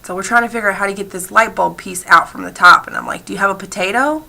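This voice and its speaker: Speaking in a mid-range voice with vocal fry and a sharp tone, a female interpreter renders a personal story told in sign. She pauses, repeats phrases, and uses many fillers.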